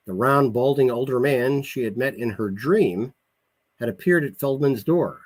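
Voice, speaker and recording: Husky man reading his novel aloud. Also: medium pitch, poor audio. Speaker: author.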